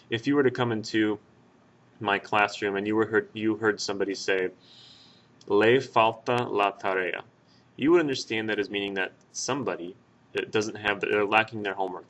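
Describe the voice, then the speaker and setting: A man with a lowish voice walks through a Spanish grammar lesson as a voice-over. He explains patiently, pausing on fillers and correcting himself as he goes. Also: fairly bright tone. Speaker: Spanish teacher. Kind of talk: screen-recorded grammar lesson.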